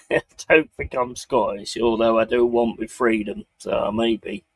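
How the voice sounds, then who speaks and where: A man's voice: medium pitch, expressive, takes it slowly, husky, dry recording, low-quality recording. A man from England with a Bristol accent, hosting a live stream and chatting casually with a guest while reading out chat comments, in a joking, laid-back way. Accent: Bristol English. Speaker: stream host. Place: home streaming setup.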